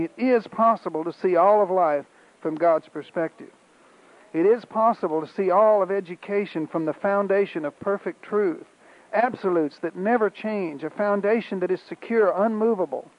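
A man preaching a sermon with an emphatic, repeating cadence and frequent throat-clearing. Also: high-pitched. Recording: dull lo-fi recording.

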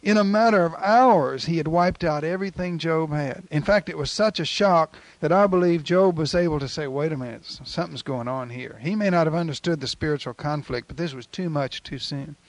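A man preaching a sermon in a folksy, animated storytelling manner, retelling scripture with acted quotes. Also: fairly high pitch, fairly quick, hardly any pauses, dry recording.

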